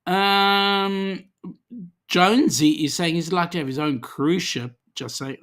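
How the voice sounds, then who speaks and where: A man's voice: sits high, slow pace, fairly bright tone. An Australian man hosting a casual livestream, reading viewer comments aloud in a chatty, easygoing way with lots of ums. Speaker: livestream host.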